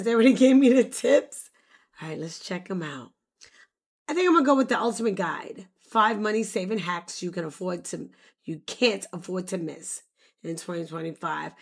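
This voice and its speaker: A woman's voice: mid-range voice, creaky. Bubbly woman walking through a tutorial. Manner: bubbly, exclaims often. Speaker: content creator demonstrating software. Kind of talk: casual screen-recorded tutorial.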